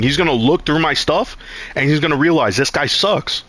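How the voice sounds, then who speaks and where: A man's voice: a little high, normal speed, fairly bright tone. A man streaming a game, telling a long rambling story with lots of swearing and acting out quotes in a raised voice. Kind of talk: casual storytelling while gaming.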